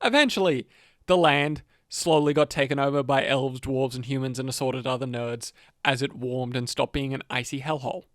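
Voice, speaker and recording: A man's voice: mid-range voice, moderate pace, a bit bright, no room sound, clean studio sound. A man co-hosting a podcast, telling fantasy lore in a rambling, profane, joking way. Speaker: podcast co-host narrating lore. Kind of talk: casual lore chat.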